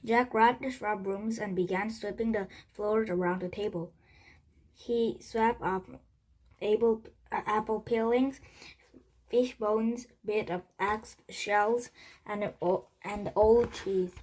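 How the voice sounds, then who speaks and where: A woman reading a children's chapter book aloud, halting with frequent restarts and slips. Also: mid-range voice, fairly even intonation, a little mellow, low-quality recording. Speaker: storybook reader.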